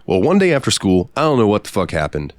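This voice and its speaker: A man co-hosting a podcast, telling profane, animated stories in casual chat. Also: fairly low pitch, quick pace, no room sound. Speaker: podcast co-host. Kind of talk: casual storytelling.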